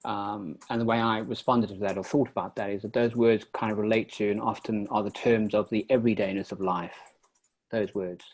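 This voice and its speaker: A man puts a considered question to the author at a slow, deliberate pace. His voice is low and slightly husky. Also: fairly even intonation, poor audio. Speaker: audience member asking a question. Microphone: video call.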